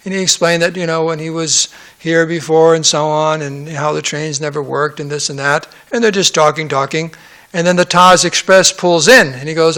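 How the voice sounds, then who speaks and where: In a relaxed, conversational scripture class, a man with a fairly high, bright voice teaches at a moderate pace. He often pauses the reading for joking asides and acts out quoted lines in different voices, much like a sermon.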